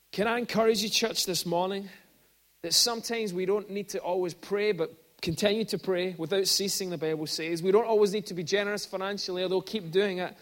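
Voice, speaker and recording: A man preaching a sermon in a church, conversational with frequent restarts and animated storytelling. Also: high voice, a little fast. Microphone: microphone at pulpit.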